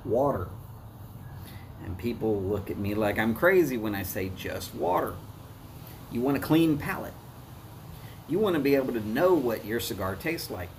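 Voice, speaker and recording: A man's voice: medium pitch, very animated, normal speed, long pauses, slight background noise. A man with a Southern US accent hosting a live cigar review, chatting to viewers in a folksy way. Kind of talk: casual live-stream talk.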